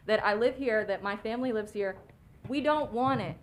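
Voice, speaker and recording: A young woman speaks up during public comment at a council meeting, plainspoken and impassioned. Her voice sits a little high for a woman. A faint hum of the chamber stays underneath. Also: moderate pace. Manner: impassioned, plainspoken, grows worked up.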